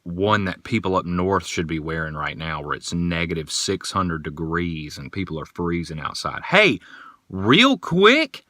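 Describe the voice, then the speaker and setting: A man hosting a casual solo podcast, telling rambling, animated stories. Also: deep voice, moderate pace, few pauses, no echo, clean studio sound. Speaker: podcast host.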